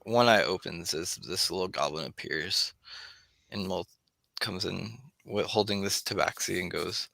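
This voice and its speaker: A man narrating a tabletop game as game master in slow, dramatic storytelling. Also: sits low, creaky, sharp tone, dry recording.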